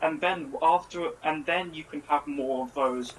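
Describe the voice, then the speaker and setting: A man's voice: a little high, poor audio. Eager man explaining on a call. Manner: eager, explains at length, quick. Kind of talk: casual chat about an anime. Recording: voice call with faint noise.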